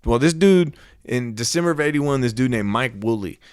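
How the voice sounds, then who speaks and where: A man's voice: medium pitch, lively intonation, normal speed, clear, resonant tone, dry recording, clean studio sound. A young man hosting a podcast, retelling a spooky story in casual, profane slang. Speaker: podcast host.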